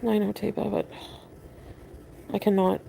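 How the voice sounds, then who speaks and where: A woman's voice: medium pitch, level tone, unhurried, creaky, warm tone. Woman, livestreamer, subdued, venting to chat, faint background noise. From Canada.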